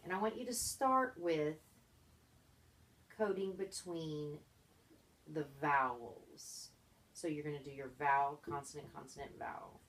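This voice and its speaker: A woman tutoring an adult one on one in reading, guiding her through phonics and answering each try with short praise. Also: sits low. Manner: encouraging, gives short praise and clear instructions.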